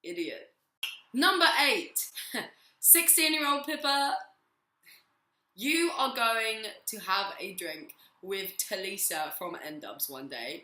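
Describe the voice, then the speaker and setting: A young woman in her twenties chatting casually to camera as a vlogger, giggly and rambling, her voice a little hoarse. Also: lowish voice, pushed and bright. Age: 20s. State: voice going hoarse. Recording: roomy echo.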